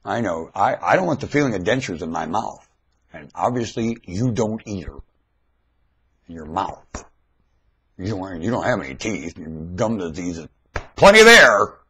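Erratic husky-voiced man rambling to webcam. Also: big pitch swings, normal speed, long pauses. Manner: erratic, swings between high shouts and low mutters. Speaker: vlogger. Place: at home in front of a webcam. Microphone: webcam microphone.

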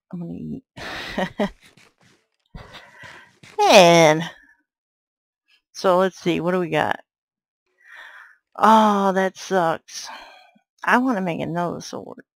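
Woman gamer, slow gravelly delivery, yells at enemies and mutters asides. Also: lowish voice, no echo, low-quality recording. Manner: exclaims and yells at enemies, then mutters to herself. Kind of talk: let's play commentary.

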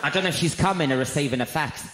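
A man's voice: a little high, racing, heavy background noise. Brief: male stand-up, camp and gossipy, shrieking peaks, roomy arena sound with a roaring crowd. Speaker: stand-up comedian. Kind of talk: stand-up comedy routine. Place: large arena before a live crowd. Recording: echoey arena, loud crowd laughter. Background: audience laughter.

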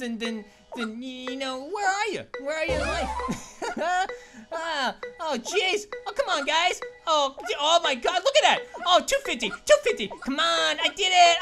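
A performer voicing an upbeat, goofy male cartoon grape who hosts a let's play with excitable, punning commentary and yelps. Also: high-pitched. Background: background game music.

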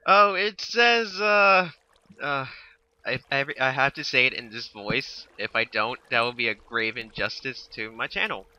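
A young man hosting a casual Let's Play, excitable and quick to yelp and laugh during gameplay. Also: medium pitch, lo-fi sound. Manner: excitable, yelps and laughs during game action.

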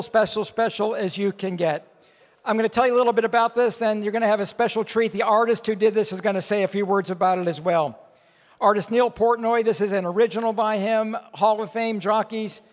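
A man running a live charity auction, calling bids in quick repetitive runs. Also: high voice, long reverb tail. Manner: rapid repetitive bid calling. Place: large event hall.

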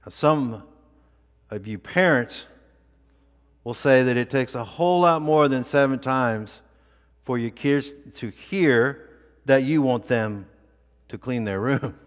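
Slow, deliberate male pastor preaching. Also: medium pitch, long reverb tail. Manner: deliberate, emphatic preaching with repeated phrases. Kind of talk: sermon. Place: church sanctuary.

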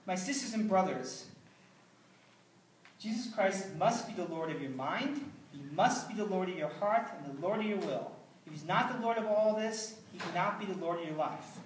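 A man's voice: high voice, animated, moderate pace, slight background noise. Man preaching from far off in a roomy church. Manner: earnest conversational preaching with dry asides. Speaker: pastor. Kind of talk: sermon. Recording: roomy, distant mic, faint ambience.

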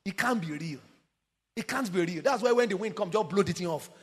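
A man preaching a sermon with passion, swinging from sung, shouted emphasis down to quiet low asides. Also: expressive, a little fast. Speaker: pastor. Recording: long hall reverb.

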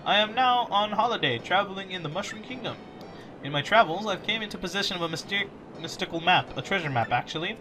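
A man voicing Princess Peach, sweet and high. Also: animated, fast talker, background noise. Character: gracious young princess writing a letter.

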